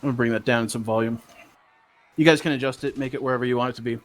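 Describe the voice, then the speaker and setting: A man's voice: mid-range voice, fairly even intonation, rapid-fire, slight background noise. Rambling man running a tabletop game. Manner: rambling, many fillers. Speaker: game master.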